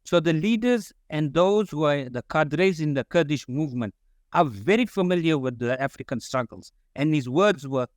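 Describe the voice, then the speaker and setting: A man's voice: fairly high pitch, lively intonation, moderate pace, dry recording, studio quality. Earnest man giving formal closing remarks. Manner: addresses everyone as comrade, earnest and solemn. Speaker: symposium speaker.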